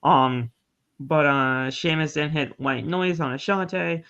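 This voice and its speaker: Slow-talking podcast guy, dull lo-fi sound. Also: fairly high pitch, fairly even intonation, fairly bright tone, smooth. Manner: laid-back, swears and laughs often. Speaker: podcast co-host. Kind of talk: casual chat.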